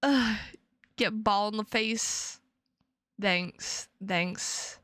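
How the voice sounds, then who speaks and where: A woman's voice: medium pitch, drawn-out words, fairly bright tone, no echo, studio quality. A young adult woman streamer chatting casually with her viewers, rambling and playful, often repeating her words.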